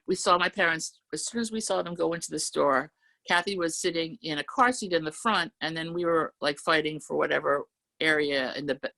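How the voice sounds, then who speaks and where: Woman with a gravelly voice reading poems. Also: low-pitched, sharp tone. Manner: slow, measured reading of verse, then chatty storytelling. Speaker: poet reading her work. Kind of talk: poetry reading with anecdotes. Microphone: video call.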